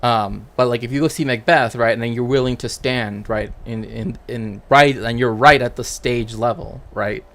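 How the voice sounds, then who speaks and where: A man's voice: mid-range voice, fairly even intonation, normal speed, few pauses, fairly bright tone. A man streaming as a cultural historian, talking casually and rambling, checking in with tag questions. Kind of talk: casual livestream chat.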